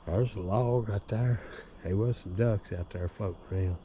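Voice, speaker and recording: A man's voice: fairly low pitch, normal speed. A tipsy man vlogging by a river on a handheld camera, rambling and cursing with chuckles in between. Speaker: bikepacking vlogger. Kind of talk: rambling outdoor vlog. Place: outdoors by a river. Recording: outdoor recording with loud nature noise. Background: crickets and insects.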